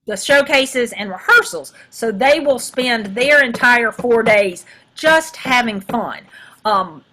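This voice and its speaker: A woman's voice: a little high, expressive, slow, pushed and bright. A middle-aged woman, chatting casually and self-mockingly to volunteers on a video call. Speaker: national field director addressing volunteers. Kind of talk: casual workshop talk.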